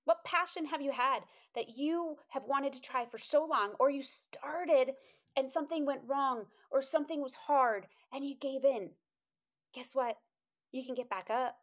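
Woman, slightly high voice, animated, motivational storytelling, laughs often. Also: measured pace. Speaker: inspirational speaker.

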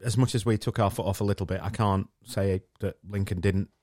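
An easygoing man, his voice sitting somewhat low. He talks in a measured way, and the sound is dry and close. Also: fairly even intonation, darkish tone, dry recording. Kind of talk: casual chat.

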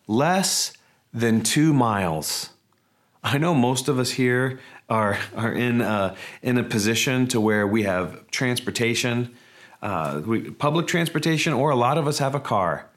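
A man, a pastor, preaching a sermon in a conversational, emphatic way with rhetorical questions. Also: fairly low pitch.

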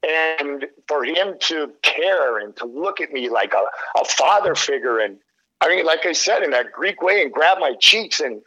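A middle-aged man tells stories in a fairly high, bright, clear voice. He is a sports commentator talking casually as a podcast guest. He laughs often and acts out what others said. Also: rough recording. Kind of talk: casual storytelling.

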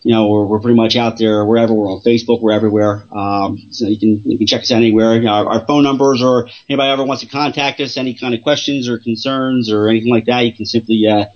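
A man's voice: fairly low pitch, flat delivery, quick pace, hardly any pauses, darkish tone, dull audio. A man, a guest paranormal investigator on a radio show, talks casually and rambles with many fillers and restarts.

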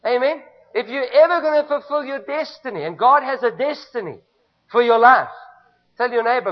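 A man's voice: very high-pitched, normal speed. A male pastor with a South African accent preaching a sermon in a church, emphatic and repetitive, calling on the congregation to respond. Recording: dull lo-fi recording.

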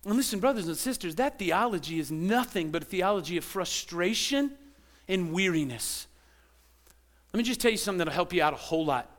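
A man preaching a sermon as pastor, animated and conversational, who often repeats words and throws questions at his congregation. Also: high-pitched, fairly quick.

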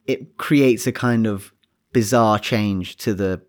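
A man co-hosting a casual science podcast, thinking aloud in a relaxed way with frequent restarts. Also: fairly low pitch, takes it slowly. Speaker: podcast co-host.

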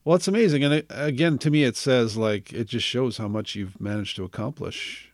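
A man's voice: medium pitch, brisk, dry recording. A man hosting an interview show, chatty and encouraging, asking his guest questions. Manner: encouraging, chatty, laughs easily. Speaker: podcast host. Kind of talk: interview conversation.

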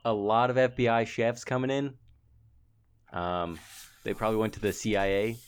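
A man's voice: on the low side, steady tone, normal speed, clean tone. A man co-hosting a podcast, laid-back and joking as he recaps a movie plot. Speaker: podcast co-host. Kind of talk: casual movie review chat.

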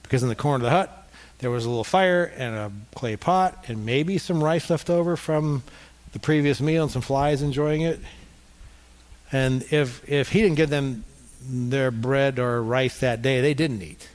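A man's voice: mid-range voice, moderate pace. A middle-aged male pastor preaching a conversational sermon, getting the congregation to respond.

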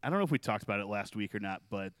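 A man's voice: on the low side, expressive, very fast, fairly bright tone, clean tone, dry recording. A man co-hosting a beer podcast, talking casually and joking, with lots of "uh" while he tells a story. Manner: joking, news-reading segments with fillers. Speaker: podcast co-host. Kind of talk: casual chat.

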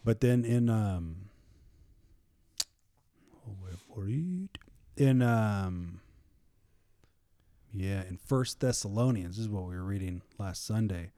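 A man leading a casual Bible study, reading scripture slowly and acting out biblical figures in lively everyday speech. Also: lowish voice, dry recording. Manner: reads scripture slowly and deliberately.

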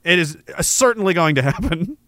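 Male stand-up comic, high bright voice, dry close sound, mock-alarmist and animated. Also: fairly quick, dry recording. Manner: animated, mock-alarmist delivery with shouted bursts. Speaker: stand-up comedian. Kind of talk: stand-up comedy bit.

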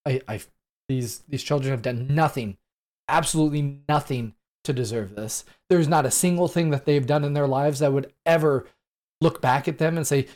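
A man in his late thirties hosts a podcast alone, commenting on the news in an earnest, halting manner full of fillers and restarts. His voice sits at medium pitch with a darkish tone.

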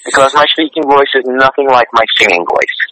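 A man's voice: medium pitch, a little fast, bright, forceful tone, no echo, poor audio. A man guesting on an interview, a singer who tells his stories in an earnest, chatty way. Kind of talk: casual interview storytelling.

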